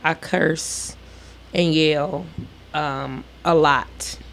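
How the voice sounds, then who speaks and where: A woman's voice: deep voice, fairly even intonation, drawn-out words, creaky, a little hiss or hum. A woman in her thirties co-hosting a podcast, chatting casually and bluntly, swearing freely and acting out arguments. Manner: profane, blunt storytelling, acts out arguments. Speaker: podcast co-host. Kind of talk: casual chat.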